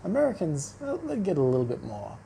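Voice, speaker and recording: A man's voice: high-pitched, huge pitch swings, fairly quick, creaky, dark tone, a little hiss or hum, poor audio. A man ranting casually to camera as a vlogger, blunt and sarcastic. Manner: blunt, sarcastic, mocking voices.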